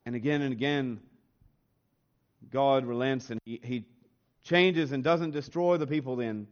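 A man preaching a sermon as a pastor, earnest, his voice rising in pitch and force on emphatic lines. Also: unhurried. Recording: slightly dull, lo-fi sound.

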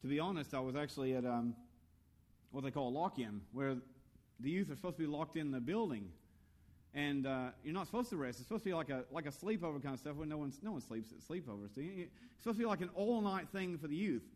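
An earnest male pastor preaching with a slightly high voice. He leans into rhetorical questions and personal stories, lifting his voice for emphasis. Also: lively intonation, fast talker, a little mellow. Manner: storytelling about his own youth. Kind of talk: sermon.

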